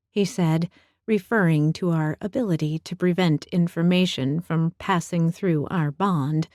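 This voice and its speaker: A woman narrating a first-person audiobook with a calm, intimate delivery. She takes her time over every phrase, her voice sitting a little low and mellow. The sound is dry and close, with no room around it. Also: measured pace, no echo.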